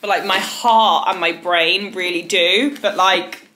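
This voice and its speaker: A woman in her twenties talking casually to the camera at home, rambling, animated and swearing freely. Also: lowish voice, measured pace, a little hiss or hum. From United Kingdom. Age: 20s. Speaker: vlogger. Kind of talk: casual chatty vlog.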